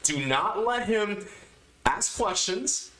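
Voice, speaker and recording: A man's voice: high-pitched, animated, slow, pushed and bright. Assertive man in an echoey room. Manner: assertive, emphatic, lecturing. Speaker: podcast host. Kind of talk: casual advice monologue.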